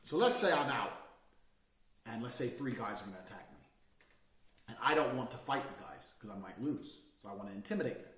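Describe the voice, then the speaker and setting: A man's voice: mid-range voice, animated, brisk, fairly bright tone, roomy sound. A man giving a blunt, profane motivational lecture with an emphatic, swaggering delivery. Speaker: course instructor.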